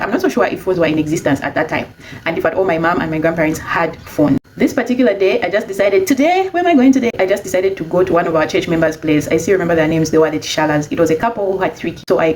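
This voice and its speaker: A young adult woman casually telling a personal story, chatty and animated when she quotes herself. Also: on the low side, slight background noise, rough recording.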